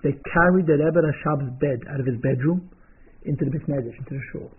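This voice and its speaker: A man's voice: a little high, fairly quick, slightly rough. A man telling a story to a listener in an informal, emphatic way, repeating words for stress and slipping in Yiddish terms. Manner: animated, emphatic, acts out quotes. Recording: tinny phone-like lo-fi sound.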